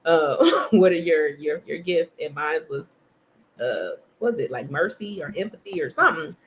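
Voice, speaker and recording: A woman's voice: deep voice, big pitch swings, moderate pace. A woman hosting a faith podcast, chatting casually and self-mockingly while reading from a devotional. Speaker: podcast host.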